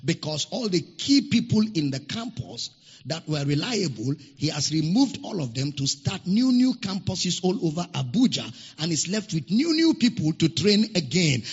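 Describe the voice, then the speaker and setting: A man's voice: fairly high pitch, big pitch swings, normal speed, breathy edge. A man preaching a sermon as a pastor, stressing points by repeating phrases, in a church hall. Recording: dull lo-fi recording with long hall reverb.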